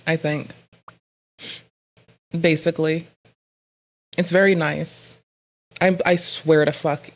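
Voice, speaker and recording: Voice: mid-range voice, level tone, slow, pauses often. A live streamer in casual chat, rambling and swearing freely, punchy from lack of sleep, with mock-angry rants. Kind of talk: casual livestream chatter.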